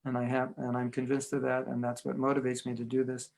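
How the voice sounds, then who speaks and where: A man's voice: mid-range voice, monotone, fast talker, creaky, a little mellow. An American man, a spiritual teacher, giving an online religious class in a humorous, anecdotal way with frequent chuckles. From United States.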